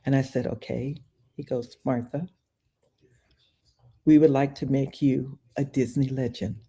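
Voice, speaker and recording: An older woman, a podcast guest, telling an animated story and acting out both sides of a phone call. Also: extremely low pitch, a little slow, slightly rough. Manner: acts out the phone call, shrieks repeated exclamations.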